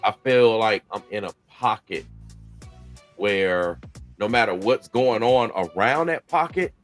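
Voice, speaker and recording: A man's voice: lowish voice, measured pace, a bit bright, soft background music. A man hosting a casual chat, speaking earnestly about scripture and faith. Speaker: host of a faith-based talk channel.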